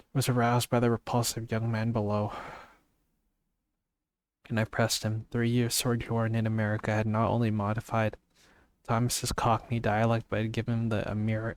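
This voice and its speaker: A man streaming a casual read-aloud of a story, reading steadily with restarts and brief asides. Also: lowish voice.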